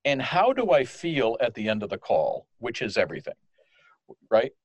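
A man from France, a guest in an interview, explaining in a lively way and acting out the phrases he quotes. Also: medium pitch, normal speed, breathy edge, dry recording, lo-fi sound. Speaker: guest, customer service manager. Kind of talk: conversational interview.

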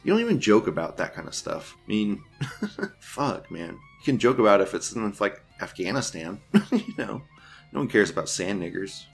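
A man with a fairly low voice hosts an online news show, reading forum posts aloud and tearing into them. He swears freely and keeps breaking into laughter as he mocks. Faint music plays underneath him. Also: big pitch swings, normal speed, creaky. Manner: laughs often, crude and profane, mocking.

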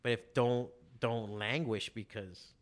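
Profane, animated man in casual chat. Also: medium pitch, slow. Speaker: comic artist and shop owner.

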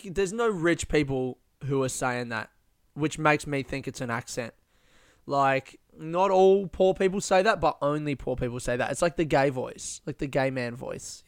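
Rambling young Australian man, smooth voice. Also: a little high, no room sound, studio quality. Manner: rambling, profane, self-mocking. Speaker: stand-up comedian. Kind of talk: casual podcast monologue.

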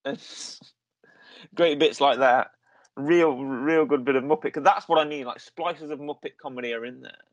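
A man's voice: fairly high pitch, measured pace, no room sound, dull audio. A man co-hosting a casual film-review podcast. He talks enthusiastically and rambles, with many restarts. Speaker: podcast co-host.

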